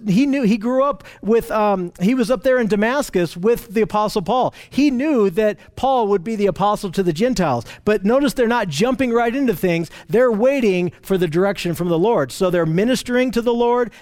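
A man's voice: sits high, darkish tone. A man leading a conversational Bible study, repeating and restarting phrases, pointing out what to notice and putting questions to his group.

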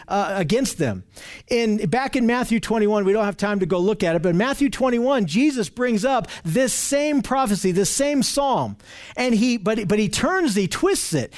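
A man with a high voice delivers a sermon. He presses his points hard, repeating key phrases and restarting sentences as he goes. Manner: emphatic, repetitive preaching with frequent restarts. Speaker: preacher.

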